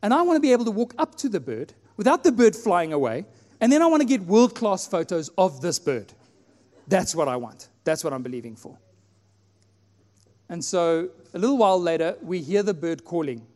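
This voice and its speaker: High-voiced pastor telling a story. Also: male voice, normal speed. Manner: animated storyteller, acts out his own prayers. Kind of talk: sermon with personal story. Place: church hall. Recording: long hall reverb, faint music.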